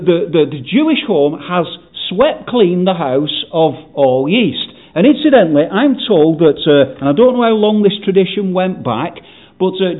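A man preaching a sermon, animated, with frequent "you see" asides. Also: high voice. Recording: tinny phone-like sound.

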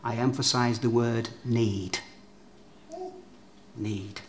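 A man's voice: on the high side, sing-song, unhurried, fairly bright tone, a little hiss or hum. A man preaching a sermon, leaning on emphatic phrases he repeats and speaking straight to his listeners. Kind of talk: sermon with object lessons.

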